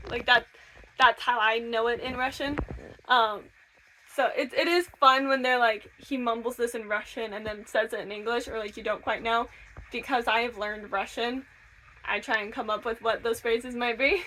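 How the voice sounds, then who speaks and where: A young woman from Michigan chatting casually in a reading vlog, gushing and excitable. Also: on the high side, normal speed, a little hiss or hum. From Michigan, USA. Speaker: book vlogger. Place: camper.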